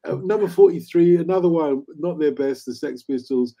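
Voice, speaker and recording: A man's voice: on the high side, normal speed, dark tone, rough recording. A man in his sixties co-hosting a casual, opinionated chat about old chart songs, laughing easily. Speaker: radio co-host.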